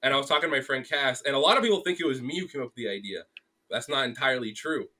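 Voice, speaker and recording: A man's voice: medium pitch, very fast. A young man, a graphic artist guest on a podcast, telling a story in casual chat with lots of fillers and acted-out quotes. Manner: animated storytelling, acts out quotes, many fillers.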